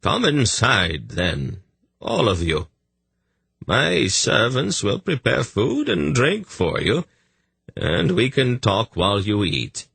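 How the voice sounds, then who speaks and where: A man's voice: mid-range voice, wildly swooping pitch, takes it slowly, vocal fry, a bit bright, husky, no room sound, pitched above the performer's own voice, exaggerated voice. A man doing a quavering saintly old holy man. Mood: kindly. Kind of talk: audiobook character voice.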